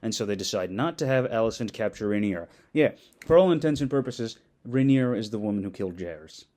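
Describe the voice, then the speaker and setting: A man's voice: fairly low pitch, expressive, quick pace, mellow. A man ranting sarcastically in a commentary video, mocking and exasperated, with frequent swearing.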